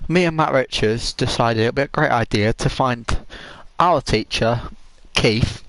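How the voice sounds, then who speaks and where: A young man spins a school story in relaxed, slow podcast chat. He swears freely and keeps breaking into laughter, his voice at an ordinary middle pitch. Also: no room sound, poor audio. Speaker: podcast co-host.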